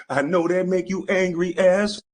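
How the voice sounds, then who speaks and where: A man delivering a profane comedic roast rant, laughing often as he goes. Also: high voice. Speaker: commentator.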